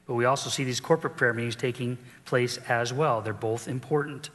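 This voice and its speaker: A man's voice: mid-range voice, steady tone, fairly quick, fairly bright tone, long reverb tail. A middle-aged man preaching a sermon as pastor, telling the story with animation and acting out the people in it.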